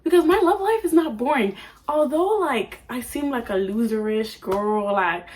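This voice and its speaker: A woman's voice: fairly high pitch, lively intonation, normal speed, a little mellow. A nineteen-year-old woman vlogging at home in a chatty, playful, oversharing way. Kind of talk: casual chat. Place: at home under a ring light.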